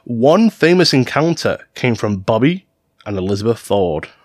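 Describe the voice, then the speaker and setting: Man, podcast co-host, lively up-and-down delivery, playful, dry close sound. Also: medium pitch, normal speed, no room sound. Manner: playful, jokey, swears freely. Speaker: podcast co-host narrating stories. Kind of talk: casual podcast storytelling.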